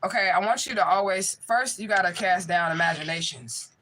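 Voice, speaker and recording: A woman's voice: fairly low pitch, a little fast, bright, forceful tone, slight background noise, poor audio. A woman working as a spiritual medium, hosting a casual livestream and answering viewers' chat in a blunt, profane way.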